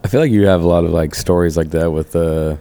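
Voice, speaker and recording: Man, very deep voice, fast laid-back podcast chat, mellow tone. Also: fairly even intonation. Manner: quick, laid-back interjections and questions. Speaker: podcast co-host. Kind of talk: casual chat.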